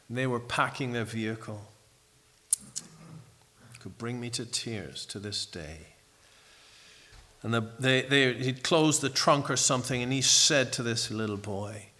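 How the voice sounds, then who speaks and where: A middle-aged man preaching a sermon in an earnest, reflective way, pausing and restarting as he tells a story. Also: mid-range voice, bright, forceful tone.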